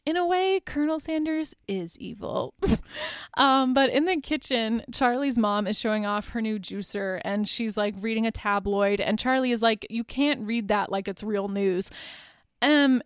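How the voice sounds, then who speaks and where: A woman's voice: a little high, unhurried, clean tone, dry recording, studio quality. A woman hosting a podcast, recapping a movie in a casual, chatty way, full of fillers and small laughs. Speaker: podcast host.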